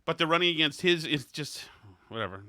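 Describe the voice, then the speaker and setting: Brief: male podcast host, wry and interrupting, sharp tense tone, dry close sound. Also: a little high, expressive, fairly quick, no echo. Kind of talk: casual political chat.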